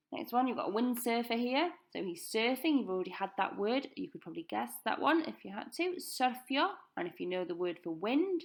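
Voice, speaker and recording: A woman teaching a recorded language lesson, saying each word slowly and clearly for pupils to repeat. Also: mid-range voice. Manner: slow, careful pronunciation drills. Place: school.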